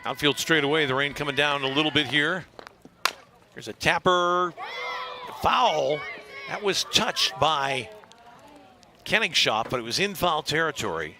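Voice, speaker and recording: Man calling a softball game. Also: a little high, noisy background. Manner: measured commentary that rises to excited shouting on big plays. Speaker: play-by-play announcer. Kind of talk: live sports commentary.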